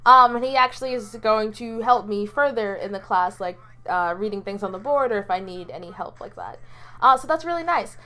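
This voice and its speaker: A woman's voice: mid-range voice, expressive, fairly quick, bright, forceful tone. A college-aged woman telling stories from her day in a casual vlog, rambling with lots of ums, restarts and little laughs. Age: about 20, college student. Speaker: vlogger.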